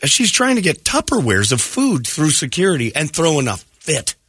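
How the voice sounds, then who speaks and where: A man hosting a morning radio show rambles through casual stories, acting out quotes and clearing his throat. His fairly high voice swings hugely in pitch at a normal speed, with a fairly bright, breathy edge. The studio-mic sound is clean, with no echo.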